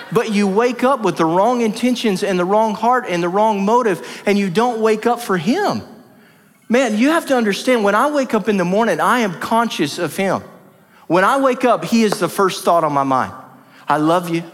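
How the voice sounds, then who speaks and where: A man preaching a sermon as pastor, passionate and emphatic, with lots of repetition. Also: high-pitched. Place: church hall. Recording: reverberant church hall.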